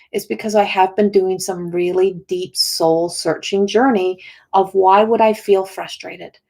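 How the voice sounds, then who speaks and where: A woman's voice: medium pitch, a little mellow. A middle-aged woman, a spiritual healer, talking earnestly on a livestream, rambling with many restarts. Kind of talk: casual livestream talk.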